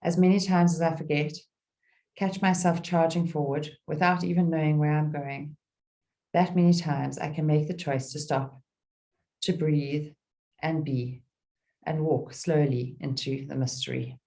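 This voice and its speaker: Speaking slowly and soothingly with gentle pauses, a middle-aged woman leads a guided meditation and reads a poem aloud. Her voice sits low and stays steady in tone.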